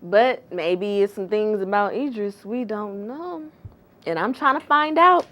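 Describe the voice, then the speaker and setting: A woman's voice: mid-range voice, unhurried, fairly bright tone. A woman hosting a casual gossip vlog, chatty and sassy, with slangy, exclamatory asides. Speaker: entertainment gossip host.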